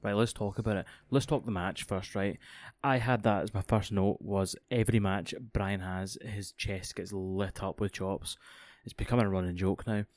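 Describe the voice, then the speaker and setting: A young man co-hosting a podcast, rambling excitedly and swearing often. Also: on the low side, moderate pace, no echo. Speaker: podcast co-host. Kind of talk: casual podcast chat.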